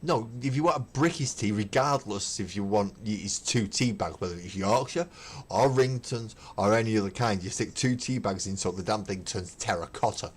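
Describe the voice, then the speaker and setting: A man's voice: fairly low pitch, normal speed, husky. A middle-aged man chatting casually on a painting livestream, emphatic and opinionated, swearing as he rants. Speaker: hobby livestream host. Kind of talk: casual chat while painting.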